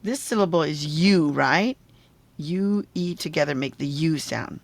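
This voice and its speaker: A woman's voice: deep voice, expressive, a little slow, vocal fry. A woman teacher giving a phonics lesson on video, patiently sounding out syllables and checking in with the viewer.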